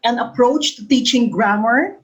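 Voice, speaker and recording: A woman's voice: on the high side, unhurried, dull audio. Woman walking through exam review answers. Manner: reads questions and options aloud, then explains and repeats answers; models example sentences with exaggerated intonation. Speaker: teacher reviewing exam questions.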